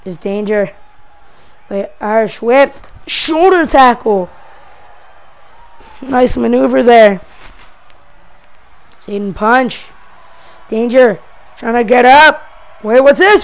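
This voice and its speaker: A high-pitched woman calls a wrestling match in a game move by move. She is excitable and breaks into shouts whenever a big move lands. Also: slow pace, long pauses, rough recording. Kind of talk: play-by-play commentary.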